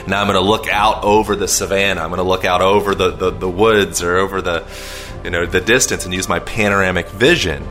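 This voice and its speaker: Guest, male, deep but crisp-edged voice, long-winded, loose and filler-heavy. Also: fairly even intonation, a little fast, fairly bright tone, soft background music. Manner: rambling, filler-heavy, self-aware long-winded talk. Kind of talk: casual conversational explanation.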